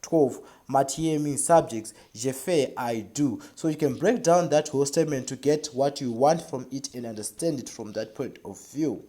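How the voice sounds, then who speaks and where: A teacher giving a beginner French lesson, repeating each phrase and checking in often with a quick "right?". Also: mid-range voice, mellow.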